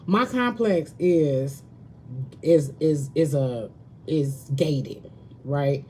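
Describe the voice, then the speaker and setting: A woman's voice: deep voice, very slow, a little mellow, a little hiss or hum. A woman tarot reader chatting casually with her viewers on a live stream, slangy and talkative, calling them baby and girl. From Southern United States.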